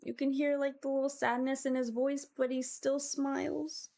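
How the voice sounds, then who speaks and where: A woman's voice: high voice, little pitch movement, normal speed, gravelly, dark tone. A woman streamer chatting with her viewers in a casual, emotional and reflective way, often sighing.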